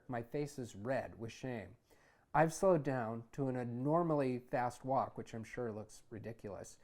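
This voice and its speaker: A man who hosts a show, reading his own memoir aloud in a conversational, wry way that gets animated in heated passages. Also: medium pitch, a little slow. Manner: conversational, wry, animated when retelling anger. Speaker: author and host.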